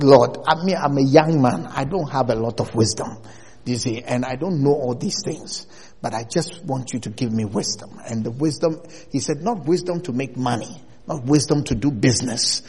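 A man preaching a sermon in an animated way, rising to loud bursts as he presses his points. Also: fairly high pitch, husky. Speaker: pastor. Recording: long hall reverb.

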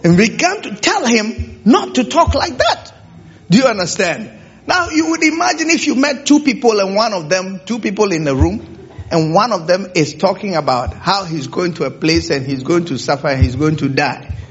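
A man's voice: high-pitched, lively intonation, moderate pace. A man preaching a sermon to a congregation, often stopping to ask whether they understand, on a dull lo-fi recording. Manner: keeps checking in with the congregation with rhetorical questions.

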